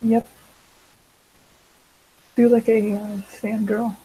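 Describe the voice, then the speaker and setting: A woman's voice: on the high side, little pitch movement, drawn-out words, warm tone, slight background noise, rough recording. A teenage girl chatting casually while she draws, rambling with many fillers and side tracks. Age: teens. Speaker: vlogger.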